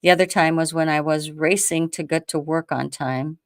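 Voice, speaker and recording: A woman's voice: sits low, normal speed, no room sound, clean studio sound. Chatty woman host telling a story. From United States. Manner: animated storyteller, acts out quotes, many restarts. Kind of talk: casual storytelling chat.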